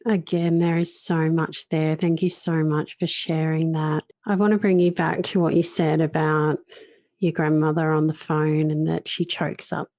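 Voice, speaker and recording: A woman hosting a podcast interview, giving soft affirming murmurs and asking probing questions. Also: sits low, little pitch movement, normal speed, dry recording. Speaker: podcast host.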